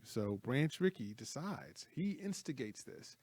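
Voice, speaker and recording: Male co-host, lively scene-by-scene storyteller, dry close-miked voice. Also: mid-range voice, normal speed, no echo. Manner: animated storyteller, retells scenes with acted quotes. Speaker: co-host of a movie talk show. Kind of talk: casual movie chat.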